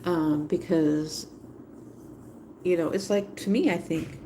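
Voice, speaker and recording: A woman's voice: fairly low pitch, slow, dark tone, a little hiss or hum. A woman hosting a livestream, talking casually in a rambling way and repeating phrases for emphasis. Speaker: livestream host.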